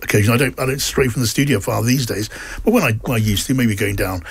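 A man's voice: mid-range voice, fast talker, vocal fry, husky. A man from South London hosting a radio panel discussion, chatty and wry, with frequent restarts. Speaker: radio show host.

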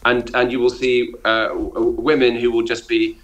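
A man's voice: medium pitch, little pitch movement, normal speed, fairly bright tone, rough recording. A middle-aged man, a politician appearing as a talk-show guest, speaking with wry good humour. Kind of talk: casual panel chat.

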